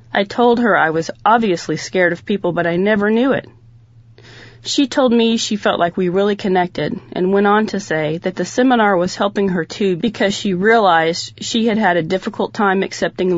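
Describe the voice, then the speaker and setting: Expressive woman reading a personal story. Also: no room sound. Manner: expressive, dramatic pitch swings. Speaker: reader of a personal testimonial. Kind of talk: first-person story read aloud. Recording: dull lo-fi, dry sound.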